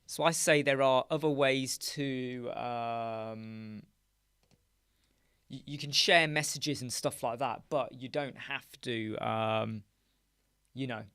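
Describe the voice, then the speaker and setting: Gravelly man hosting a live stream. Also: medium pitch, steady tone, takes it slowly, fairly bright tone, no echo, studio quality. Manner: chatty, muttering asides while working on screen. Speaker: live stream host, web designer. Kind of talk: casual live-stream chat while working. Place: dark home studio with soundproof panels.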